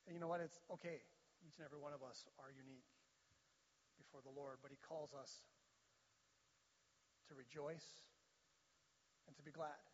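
A man's voice: a little high, fairly even intonation, normal speed, pauses often, a little hiss or hum. A man preaching a sermon as pastor, in a plain conversational way. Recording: dull sound with long hall reverb.

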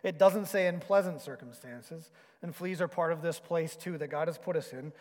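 A man reading aloud the lines of a calm, matter-of-fact, faithful woman prisoner from a story, in a long reverberant hall. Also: low voice, normal speed, close to an everyday voice. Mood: serene.

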